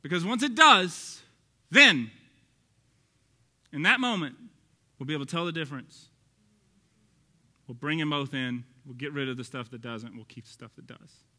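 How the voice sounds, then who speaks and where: A male pastor with a Texas accent preaching an animated, joking sermon, acting out quoted voices and sometimes shouting. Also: on the high side, normal speed, pauses often.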